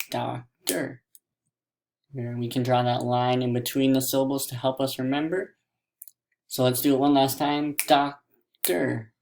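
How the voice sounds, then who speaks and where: A man with a medium-pitched, creaky voice gives a classroom mini lesson. He draws his words out slowly, one syllable at a time.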